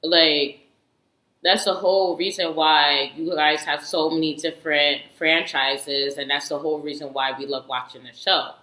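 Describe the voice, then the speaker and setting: A woman casually reviewing a reality show, animated and outspoken, laughing often and swearing freely. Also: low-pitched, moderate pace, echoey room, low-quality recording. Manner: slangy, animated storytelling with frequent laughs. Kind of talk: casual chat.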